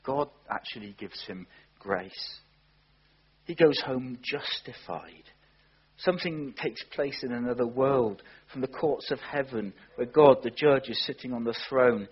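A man's voice: medium pitch, unhurried, breathy edge, dull audio. A man preaching a sermon, earnest and emphatic, asking rhetorical questions.

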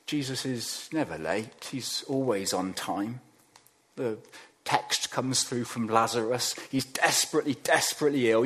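A man preaching a sermon, acting out quoted voices and dropping to quiet emphasis on key lines. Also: medium pitch, lively intonation, normal speed, breathy edge.

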